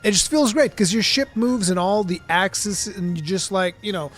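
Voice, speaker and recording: A man hosting a live gaming talk stream, reading chat questions and chatting casually in an animated, rambling way. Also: sits high, moderate pace, faint music behind. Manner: animated, excitable, rambling with restarts.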